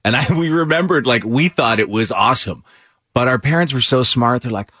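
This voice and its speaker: Husky middle-aged man telling stories. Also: medium pitch, a little fast, dry recording, clean studio sound. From Ireland. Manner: animated storyteller who slips into voices when telling stories. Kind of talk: casual storytelling chat.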